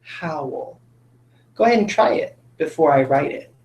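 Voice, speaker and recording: A man's voice: on the high side, lively intonation, unhurried, darkish tone, echoey room, lo-fi sound. A male teacher giving a patient phonics lesson to children, coaxing them along with tag questions.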